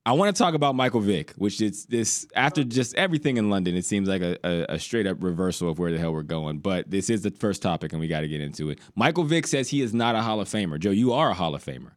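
A man's voice: sits low, expressive, fast, hardly any pauses, no echo, clean studio sound. An American man hosting a casual sports podcast, teasing his guests and laughing often. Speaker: podcast host. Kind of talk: casual chat.

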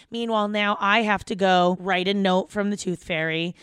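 A woman in her thirties co-hosts a podcast in loose, casual chat. She talks candidly and swears freely, slipping into other people's voices as she quotes them. Her voice is smooth and clear, recorded close and dry. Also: medium pitch, fairly even intonation, a little fast, few pauses, fairly bright tone, dry recording. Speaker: podcast co-host.

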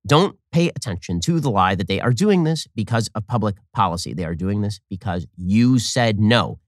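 A man's voice: a little high, a bit bright, no echo, clean studio sound. Sarcastic ranting male host. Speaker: political commentary host. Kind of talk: fast opinionated monologue.

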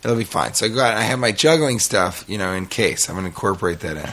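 A man casually telling a long, rambling story in podcast chat, animated and laughing as he goes. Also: lowish voice, fast.

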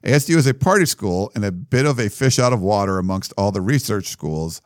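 Lowish guy on a sports pod reading stuff out, dry close mic, kinda offhand. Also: expressive, a little fast, no room sound. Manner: reads jokey comparisons aloud with fillers and laughs. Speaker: podcast co-host. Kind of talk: casual sports podcast chat.

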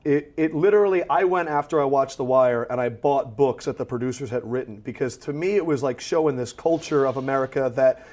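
A man's voice: medium pitch, a little fast, hardly any pauses, darkish tone. A man co-hosting a studio podcast who chats casually and asks eager, enthusiastic questions. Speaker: podcast co-host. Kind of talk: casual chat. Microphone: studio microphone.

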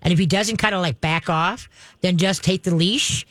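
A woman's voice: lowish voice, normal speed, a bit bright, no room sound. Woman radio host, direct and instructive, chatty advice voice, dry close sound. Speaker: radio show dog trainer host. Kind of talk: advice call-in talk.

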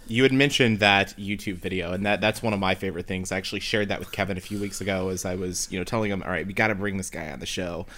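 Fast-talking podcast host man. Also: deep voice, steady tone, a bit bright, a little hiss or hum. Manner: enthusiastic, effusive praise. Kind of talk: interviewing a guest.

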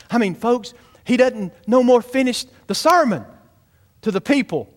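Pastor in the pulpit, high-pitched, emphatic, pushes the congregation to respond. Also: male voice, animated, normal speed. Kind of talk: sermon. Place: church sanctuary.

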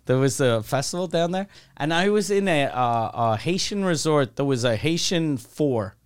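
A man from Quebec, a comedian telling stories in casual chat, animated and profane. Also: a little high, moderate pace, clear, resonant tone.

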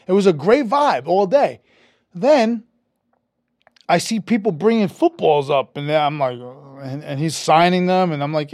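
A man, a metal musician guest telling an animated, profane story in a casual interview, raising his voice when quoting people. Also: high-pitched, a little slow, no room sound, clean studio sound. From New York. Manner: animated, profane, acts out quotes with a rising voice.

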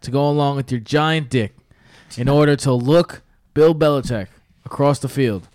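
A man's voice: medium pitch, moderate pace, a little mellow, no room sound, studio quality. A man co-hosting a casual sports talk show, rambling and jokey with plenty of fillers. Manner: jokey, does mock accents, rambling with fillers. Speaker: podcast co-host.

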